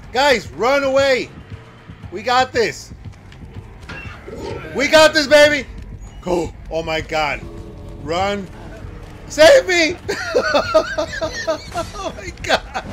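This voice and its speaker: A man streaming a horror game, reacting with loud exclamations and frequent laughter. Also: very high voice, wildly swooping pitch, drawn-out words, long pauses, faint music behind, rough recording. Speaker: livestreamer. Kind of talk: excited gameplay commentary.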